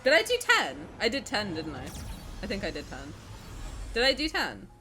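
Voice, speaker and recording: A young woman live-streaming a game and chatting with viewers, excitable and dramatic, swearing and laughing between outbursts. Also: mid-range voice, normal speed.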